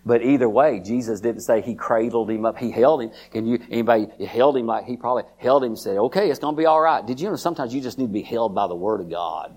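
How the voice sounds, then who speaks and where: A man preaching a sermon in a folksy, repetitive way, often calling out to listeners by name and rising to a high, excited pitch as he preaches. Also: quick pace, hardly any pauses, breathy edge.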